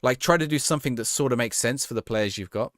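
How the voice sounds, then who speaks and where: A man's voice: medium pitch, fast, fairly bright tone, dry recording, clean studio sound. A man streaming a game, reading out viewers' questions and answering them offhand in casual chat, often restarting his sentences.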